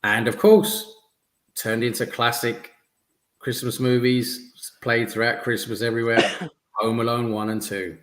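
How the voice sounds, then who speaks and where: A man's voice: medium pitch, flat delivery, unhurried, a bit bright. A man hosting a podcast in casual chat, enthusiastic, often stumbling and repeating words. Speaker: podcast host. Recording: echoey room.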